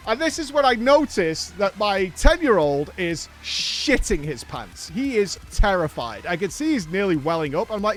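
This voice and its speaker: A man's voice: sits high, big pitch swings, moderate pace, few pauses, fairly bright tone. A middle-aged man, a podcast host, animatedly telling a story in a casual chat, swearing and laughing as he goes.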